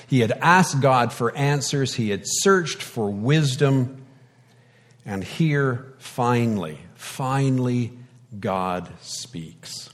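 Slow-speaking male preacher. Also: mid-range voice, expressive, long reverb tail. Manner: dramatic pauses, wide swings in loudness; conversational with light humor. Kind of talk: sermon.

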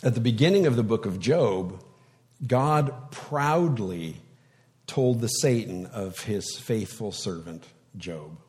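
Male pastor, measured sermon, unhurried pace, bursts of emphasis, long reverb from a big hall. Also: on the low side, expressive. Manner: slow, reflective delivery with sudden loud emphases.

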